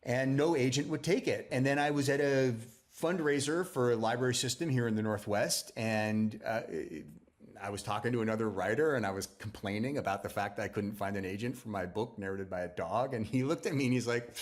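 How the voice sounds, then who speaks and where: A man's voice: medium pitch, fairly quick. A man, a novelist, telling the story of his book in a loose, chatty interview, restarting sentences and acting out what other people said. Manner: chatty, acts out other people's lines in quotes. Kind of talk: anecdotal conversational storytelling.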